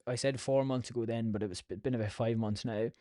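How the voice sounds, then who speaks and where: A man's voice: mid-range voice, fairly even intonation, quick pace, mellow, no echo, studio quality. An Irish man hosting a podcast, telling stories in a casual, rambling, sweary way. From Ireland. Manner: sweary, chatty storytelling. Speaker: podcast host.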